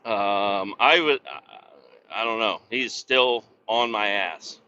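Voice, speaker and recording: Profane rambling man, bright tense voice. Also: lowish voice, takes it slowly. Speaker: podcast host. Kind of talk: casual rant while driving. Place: inside a moving truck on the highway. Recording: dull lo-fi sound.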